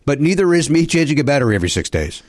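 A man's voice: a little high, very animated, very fast, a little mellow, a little hiss or hum. A middle-aged man hosting a comedy podcast, rambling and joking with many fillers in casual banter. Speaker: podcast host. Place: podcast studio.

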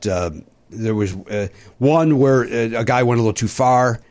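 A middle-aged man with a Chicago accent, a comedian guest on a podcast, telling a story in a lively, profane way and imitating the people he talks about. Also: mid-range voice, moderate pace. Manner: animated, profane, mimics voices in anecdotes.

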